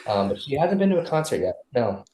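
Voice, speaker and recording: A man's voice: medium pitch, big pitch swings, fast talker, dark tone. A man guesting on a casual podcast, loose and rambling with many restarts. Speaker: musician guest. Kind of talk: casual interview chat. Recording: roomy echo.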